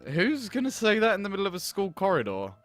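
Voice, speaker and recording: A man's voice: high-pitched, huge pitch swings, fast talker, a bit bright, no room sound. Man, let's play commentary, sarcastic, grumbling, swearing, dry close sound, faint game music. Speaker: gaming video host.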